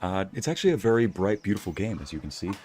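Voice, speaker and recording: A man casually commentating a video game as a streamer, playful and jokey, sometimes breaking into loud yelling. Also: low-pitched, sing-song, racing, faint music behind.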